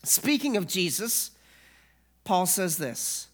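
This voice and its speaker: A preacher delivers a sermon at an unhurried, measured pace, with a voice of middling pitch. The preacher keeps asking the listeners rhetorical questions. Quoted scripture gets read aloud with building emphasis. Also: animated, fairly bright tone.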